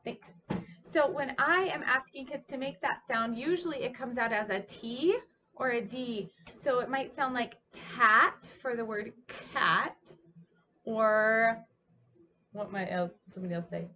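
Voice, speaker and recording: A woman's voice: fairly high pitch, measured pace, pushed and bright, dull audio, a little hiss or hum. A woman speech therapist demonstrating speech sounds, speaking patiently and encouragingly as she coaches a child. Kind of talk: instructional demonstration.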